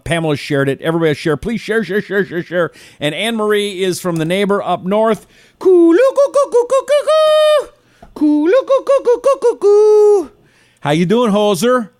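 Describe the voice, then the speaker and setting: Man hosting a talk show, sarcastic and chatty, fairly high voice, dry close sound. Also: dry recording. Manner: chatty, sarcastic, reads out listener names. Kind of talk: casual live call-in talk.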